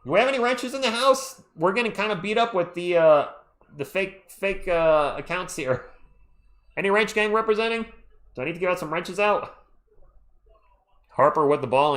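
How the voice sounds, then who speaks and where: A man calls a basketball game live for a stream audience, rooting openly for one side and breaking off to greet people in the chat. His voice sits a little high and jumps up sharply when a big play happens. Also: moderate pace, pauses often. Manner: excitable, fan-biased, chatty with viewers. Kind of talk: live play-by-play commentary with chat shout-outs.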